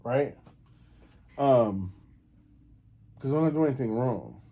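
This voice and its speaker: Male podcast host, relaxed dark tone, rambling storyteller with lots of fillers. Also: medium pitch, takes it slowly. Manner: rambling, many fillers and restarts. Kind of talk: casual storytelling.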